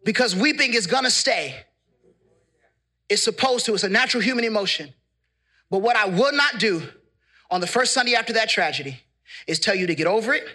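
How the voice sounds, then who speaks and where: A male pastor preaching an impassioned sermon in a church, building into shouted, repeated refrains. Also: high voice.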